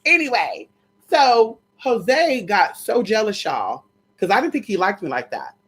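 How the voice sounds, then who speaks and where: Sassy young woman spilling a childhood story to the camera, mid pitch, chatty. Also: a little slow, breathy edge. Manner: sassy, animated, addresses viewers as "girl" and "y'all". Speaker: storyteller vlogger. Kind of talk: casual storytelling to viewers.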